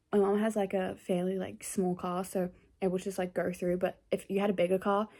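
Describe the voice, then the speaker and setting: A woman's voice: mid-range voice, darkish tone. A young woman vlogging casually about books, chatty and rambling with lots of fillers. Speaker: book vlogger. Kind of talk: casual vlog chat.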